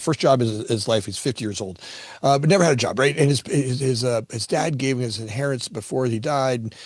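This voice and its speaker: A man's voice: medium pitch, no echo. A middle-aged man from Florida spins a personal story in loose, conversational fashion. He restarts phrases and repeats words as he goes, rising and falling with feeling. The sound is dry and close. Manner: animated, repeats words often when starting sentences. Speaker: guest, construction company founder.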